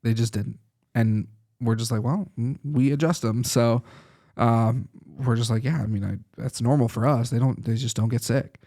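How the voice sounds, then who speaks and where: Chatty man telling lively anecdotes. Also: medium pitch, moderate pace, creaky. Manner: lively anecdotal storytelling with frequent laughs. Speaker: chiropractor guest. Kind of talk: casual podcast conversation.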